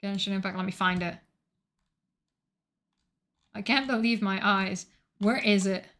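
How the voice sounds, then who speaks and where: A woman streamer chatting casually on a live stream, excitable and profane, rambling while she searches her notes. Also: mid-range voice, unhurried.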